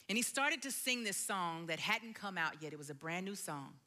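A woman, telling her own story in a church sermon and dropping to a soft hush at quiet moments. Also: fairly low pitch, animated, moderate pace, hardly any pauses. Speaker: preacher sharing testimony. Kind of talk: sermon testimony. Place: church sanctuary.

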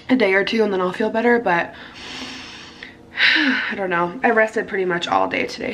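A woman's voice: medium pitch, a little hiss or hum. Congested woman vlogging from home. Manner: rambling, full of "like" fillers. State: congested with a cold. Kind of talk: casual vlog chat.

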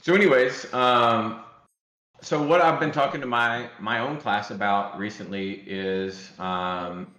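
A man's voice: fairly low pitch, fairly bright tone, reverberant. A man from Alabama, a guest educator, chatting casually on a podcast in a rambling, joking way with lots of fillers and restarts.

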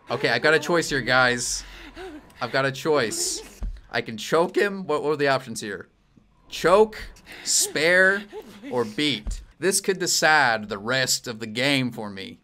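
A young man commenting as he plays a video game, jokey and animated, yelping and apologizing loudly as things go wrong. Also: mid-range voice, a little slow. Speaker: streamer playing a video game. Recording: faint game music behind.

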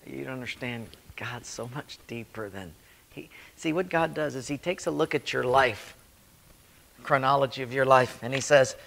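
A male pastor teaching a church leadership class, telling stories and acting out quoted voices with sudden rises in pitch and loudness. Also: normal speed, vocal fry. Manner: storytelling, acts out quotes with big swings in pitch and volume. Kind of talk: sermon-style Q&A teaching.

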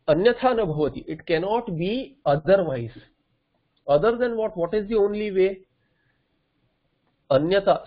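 High pitched guy teaching a scripture class, asks himself questions then answers, muffled lo-fi recording. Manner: explains by asking himself questions and answering them. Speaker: Vedanta teacher.

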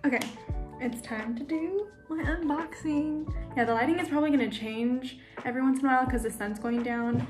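A young woman vlogging to her camera in an excitable, chatty way, full of "like". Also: high voice, brisk. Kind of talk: casual vlog chat. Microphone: handheld camera. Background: background music.

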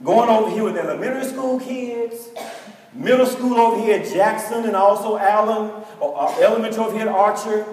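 A middle-aged man preaching a sermon with storytelling, animated and acting out conversations. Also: high-pitched, a little fast. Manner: animated preacher, acts out students in dialogue. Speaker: pastor. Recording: echoey hall from far off.

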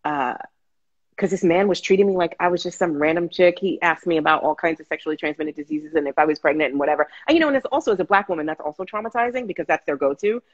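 A woman guest telling her story in casual, animated chat, with frequent restarts, over a video call. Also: on the low side, fast, muffled recording. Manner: animated, restarts, acts out quotes.

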